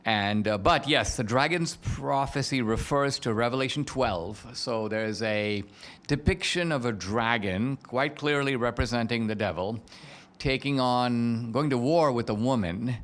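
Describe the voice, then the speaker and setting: A man who is a filmmaker and author, explaining things in a measured, cautious way as a podcast guest. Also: mid-range voice, a bit bright. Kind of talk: interview talk.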